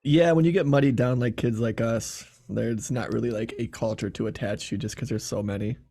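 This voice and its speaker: Man, Michigan accent, podcast guest, rambling with fillers, slightly husky voice. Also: medium pitch, fairly even intonation, a little fast, warm tone. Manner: laughs often, filler-heavy rambling. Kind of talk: casual chat.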